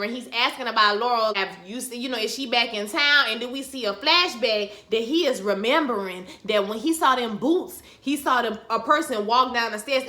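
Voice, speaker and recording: A woman in a casual vlog, recapping a TV episode with a bright, sharp voice pitched a little high. She is animated and slangy, acting out lines as she goes, and her voice echoes in a roomy space. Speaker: TV recap host. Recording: echoey room.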